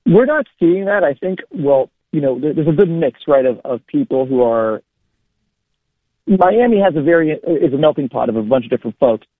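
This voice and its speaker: A man's voice: a little high, animated, moderate pace, no echo. Upbeat man on a tinny phone line. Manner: upbeat, promotional, repeats words. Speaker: guest, local party chair. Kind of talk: radio phone interview.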